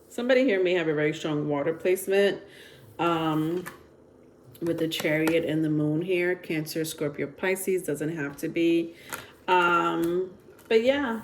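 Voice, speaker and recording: A woman's voice: lowish voice, unhurried, a little hiss or hum. A woman giving a casual tarot reading, chatty and rambling, with frequent filler words. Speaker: tarot reader.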